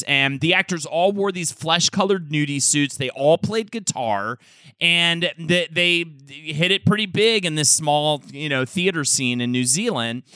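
A man's voice: on the high side, sharp tone, dry recording. A man co-hosting a podcast, telling a history casually with the odd filler. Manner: brisk storytelling with occasional fillers. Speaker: podcast co-host.

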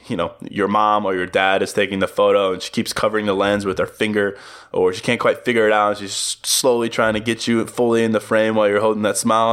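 A young man hosts a solo podcast in a relaxed, upbeat way. His voice sits a little low, and he often breaks into a chuckle at his own jokes. The talk is casual and encouraging. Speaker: podcast host. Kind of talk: solo motivational podcast monologue.

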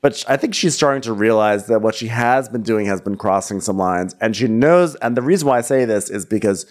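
A man co-hosting a podcast, chatting casually and recapping a reality show, breaking into playful voices. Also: brisk. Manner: animated, acts out squeaky impressions. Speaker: podcast co-host.

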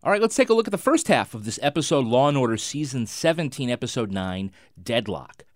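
A man's voice: medium pitch, very animated, a little fast, a little hiss or hum. A man hosting a podcast, asking teasing questions and joking with his guests. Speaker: podcast host. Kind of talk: casual chat.

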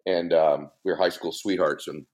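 A man's voice: low voice, fairly even intonation, moderate pace, a little mellow. A middle-aged man, a podcast guest, telling a story in an emphatic, joking way. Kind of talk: animated storytelling.

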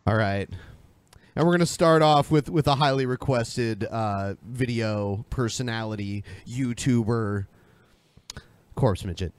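A man's voice: medium pitch, measured pace, clean tone. A man hosting a podcast, talking loosely with profanity and laughs. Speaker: podcast host. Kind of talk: casual podcast banter.

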